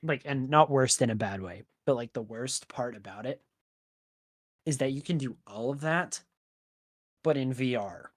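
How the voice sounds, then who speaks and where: A man talks as a guest on a casual podcast. He tells his stories in an animated way, and his sentences are full of "like" and "right?". His pitch sits in the middle range for a man. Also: normal speed, pauses often. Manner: chatty, leans on "like" and "right?".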